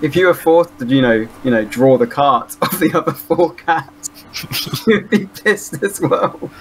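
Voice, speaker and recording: A man's voice: a little high, unhurried, a little hiss or hum. A man playing in a tabletop game, teasing and joking. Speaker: player.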